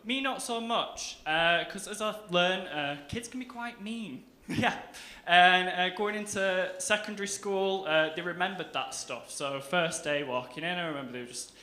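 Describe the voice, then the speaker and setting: A man's voice: sits high, normal speed, hardly any pauses, sharp tone. A young man from England with a Northern English accent, doing a chatty, self-mocking stand-up set on a club stage. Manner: chatty, self-mocking, breaks into laughter, acts out quotes. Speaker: stand-up comedian. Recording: roomy club sound with faint hiss.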